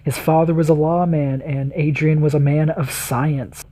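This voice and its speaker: A man's voice: a little high, flat delivery, normal speed, warm tone. A man hosting a reaction video, giving enthusiastic, rambling commentary full of fillers.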